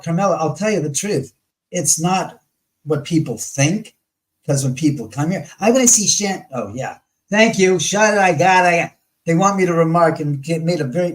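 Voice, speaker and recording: A man as an interview guest, telling stories in a rambling, animated way and often correcting himself mid-sentence. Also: on the high side, low-quality recording. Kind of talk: casual storytelling interview.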